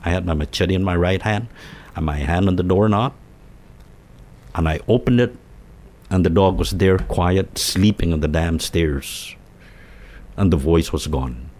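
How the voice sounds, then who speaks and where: Deep-voiced man from telling stories. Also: a little slow, long pauses. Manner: rambling, animated storyteller with many restarts and quoted voices. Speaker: co-host telling ghost stories. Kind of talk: casual storytelling chat.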